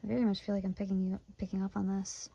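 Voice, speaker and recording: A woman's voice: medium pitch, little pitch movement, rapid-fire, vocal fry, mellow, a little hiss or hum, low-quality recording. A woman in her twenties from Michigan, giving a casual tarot reading, emotional and close to tears, full of "like" fillers. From Michigan, USA. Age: 20s. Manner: emotional, chatty, many "like" fillers. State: tearful, near crying. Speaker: tarot reader.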